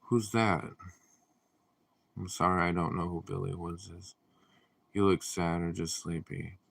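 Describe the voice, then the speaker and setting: A man hosting a casual livestream, reading viewer comments aloud and answering them in a deadpan, drowsy way. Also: sits low, a little slow, creaky. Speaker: livestream host.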